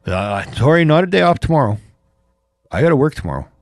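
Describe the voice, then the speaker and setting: A middle-aged man runs a casual livestream from home, talking fast in a slightly high, sing-song voice. He rambles through stories for his viewers, swearing liberally and laughing at his own expense. The recording is dry, with clean studio sound.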